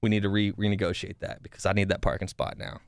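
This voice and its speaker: A young man hosting a podcast, telling a story in a rambling, animated way with frequent swearing and restarts. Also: on the low side, quick pace, vocal fry, dry recording, clean studio sound. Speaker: podcast host. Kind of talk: casual storytelling.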